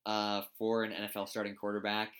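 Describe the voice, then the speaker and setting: A man's voice: fairly low pitch, monotone, fairly quick, a bit bright. A man co-hosting a casual sports talk show, rambling and searching for words with frequent restarts. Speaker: co-host.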